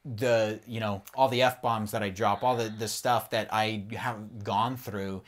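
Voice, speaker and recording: A man's voice: fairly low pitch, fairly even intonation, a little slow. A man on a podcast, candidly telling a personal faith story in an earnest, rambling way and swearing freely.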